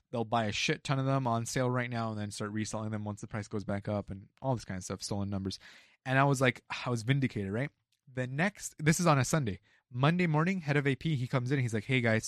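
Fast-talking young man telling a work story. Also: medium pitch, no echo, clean studio sound. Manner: animated, acts out quotes, swears freely. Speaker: retail store employee telling a work story. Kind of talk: casual storytelling chat.

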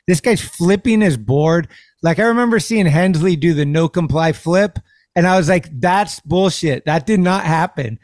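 A relaxed male podcast host who agrees easily and laughs along, his voice a touch high. He speaks into a dry, close mic. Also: normal speed, no echo. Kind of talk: casual chat.

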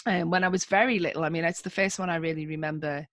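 A woman with a Liverpool accent tells stories in a loose, chatty way, laughing often and dropping in plenty of ums. Her voice sits fairly low for a woman, and the sound is close and dry. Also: fairly even intonation, quick pace, no echo. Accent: Liverpool (Scouse). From Liverpool, England. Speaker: podcast guest, social engineer. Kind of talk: casual interview storytelling.

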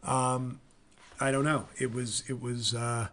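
A man hosting a podcast, telling a comic story in an animated, profane, rambling way. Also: medium pitch, slow. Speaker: comedian and podcast host. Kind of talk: casual comedic monologue.

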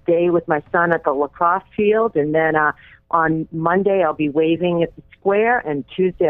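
A woman's voice: low-pitched, no room sound. Woman candidate calling in over phone. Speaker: phone-in guest, election candidate. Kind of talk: casual phone call. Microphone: telephone. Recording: tinny phone line.

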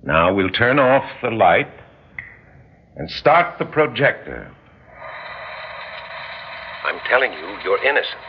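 A man's voice: fairly low pitch, very animated, takes it slowly, pauses often, noisy background, heavily acted. A man playing an insistent, probing psychologist in an old radio drama, talking in an intense, persuasive way. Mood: formal. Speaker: doctor and hypnotist. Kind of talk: 1950s radio drama acting. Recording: dull lo-fi old radio recording.

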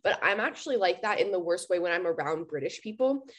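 A woman's voice: on the low side, quick pace. A woman hosting a casual interview, talking loosely with lots of filler words. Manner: relaxed, filler-heavy with frequent "like", laughs readily. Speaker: host.

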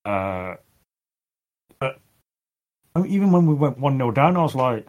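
A man speaking as a guest on a casual podcast, halting, with many restarts and fillers. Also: mid-range voice, big pitch swings, a little mellow, lo-fi sound.

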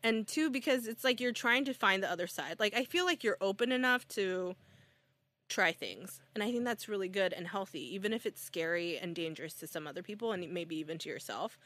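A woman's voice: mid-range voice, lively intonation, a little fast, fairly bright tone. A woman guest on a podcast, chatty and encouraging, using lots of filler words. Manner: encouraging, chatty, uses 'like' often. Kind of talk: casual podcast chat.

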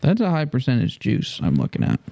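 A man's voice: mid-range voice, huge pitch swings, a little fast, gravelly, mellow, a little hiss or hum. A man co-hosting a podcast, teasing the others with jokes. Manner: teasing, joking. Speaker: podcast co-host. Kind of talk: casual chat.

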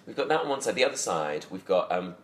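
A man's voice: low-pitched, lively intonation, fast talker, a bit bright, a little hiss or hum. A man co-hosting a podcast in casual chat, dry and self-mocking, recorded in an echoey bedroom. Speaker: podcast co-host. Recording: echoey room, faint ambience.

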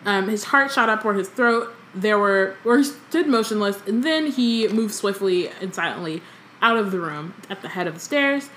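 Her voice is mid-range, animated and fairly bright, moving at a normal pace over slight background noise. This young woman co-hosts a laid-back book podcast, reading from a novel before drifting into chatty, joking asides packed with ums.

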